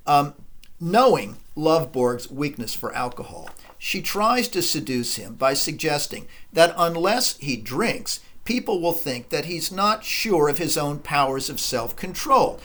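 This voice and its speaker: A man lecturing on a play in a measured way, pausing often with ums. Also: fairly high pitch, a bit bright. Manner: measured, with frequent ums and pauses. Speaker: literature lecturer.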